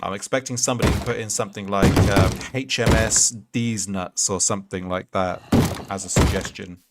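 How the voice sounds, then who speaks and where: A man's voice: on the low side, steady tone, normal speed. A man in his thirties streaming a block-building game, chatting casually and answering his chat with jokey asides. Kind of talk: casual Minecraft livestream chat. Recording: loud background noise.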